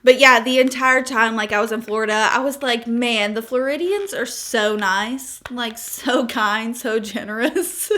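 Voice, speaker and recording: Brief: mid-twenties woman, bright higher register, loose gossipy storyteller as vlog host. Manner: chatty storytelling, frequent laughs and asides. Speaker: beauty vlogger. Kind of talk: casual chatty makeup tutorial.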